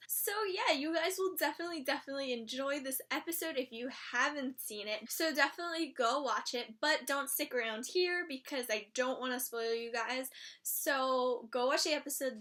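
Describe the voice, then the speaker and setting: A young woman chatting casually about a TV episode she loved, gushing and excitable, often breaking into giggles. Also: high voice. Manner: gushing, excitable, frequent giggles and squeals of delight. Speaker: fan reviewer of a TV show.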